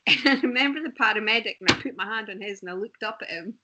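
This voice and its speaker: A woman's voice: medium pitch, racing, lo-fi sound, background noise. A woman, a guest in a casual chat, telling stories animatedly and laughing often.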